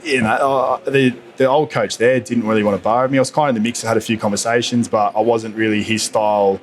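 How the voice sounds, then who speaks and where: A man's voice: fairly low pitch, steady tone, fast, slight background noise. Laid-back Australian man telling rugby stories. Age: 30s. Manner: laid-back storyteller, says "mate" a lot, laughs mid-story. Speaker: podcast guest, rugby player. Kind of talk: casual podcast chat.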